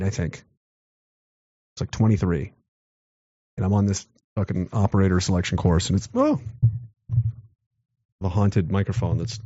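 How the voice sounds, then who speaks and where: A man in his thirties tells a war story in a casual, profane, rambling way, mocking himself and reading out chat comments. His voice is deep and darkish, with a dull, lo-fi, dry sound and no room noise.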